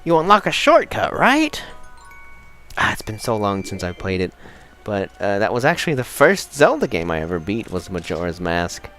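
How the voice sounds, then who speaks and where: A young man casually commenting while he plays a video game, excitable and rambling, with game music behind him. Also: on the low side, normal speed. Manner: excitable, chatty, rambling with restarts. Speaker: let's play host.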